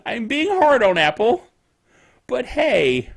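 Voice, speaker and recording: A man's voice: extremely high pitch, wildly swooping pitch, takes it slowly, creaky. A middle-aged man hosting a tech netcast, rambling and chatty with frequent self-amused chuckles. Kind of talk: casual tech news commentary.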